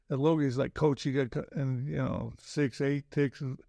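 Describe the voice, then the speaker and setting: Casting: older man, gravelly voice, dry close mic, halting reflective interview guest. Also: medium pitch, fairly even intonation, dark tone, no room sound. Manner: halting, many restarts and "you know". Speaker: podcast guest, former basketball coach. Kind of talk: casual interview chat.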